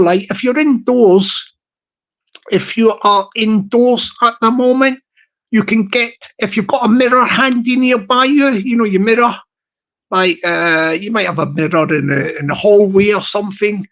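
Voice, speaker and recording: A man with a high-pitched voice hosts a motivational pep talk. He rambles from one thought to the next and often stumbles and restarts his sentences. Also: a bit bright, lo-fi sound. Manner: rambling, with many restarts and laughs. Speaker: podcast host.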